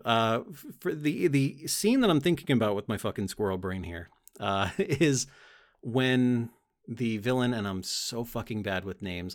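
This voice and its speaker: A young man hosting a casual solo podcast, rambling excitedly about a show, swearing often and laughing between thoughts. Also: fairly low pitch. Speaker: podcast host.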